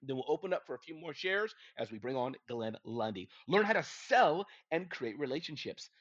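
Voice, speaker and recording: A middle-aged man giving business advice in an energetic, emphatic motivational talk. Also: medium pitch, normal speed. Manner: energetic, emphatic, lively delivery. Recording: dull lo-fi sound.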